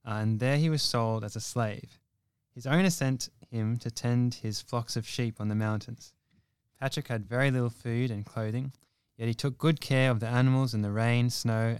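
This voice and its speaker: A young man reading a saint's life story aloud in an earnest, steady way, with a few small fillers. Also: mid-range voice, clean tone, dry recording, studio quality. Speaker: presenter reading a saint's biography.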